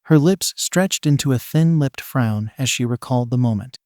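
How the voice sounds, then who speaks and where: A man's voice: mid-range voice, moderate pace, hardly any pauses, a little mellow, dry recording, clean studio sound. A man steadily narrating a fan fiction story.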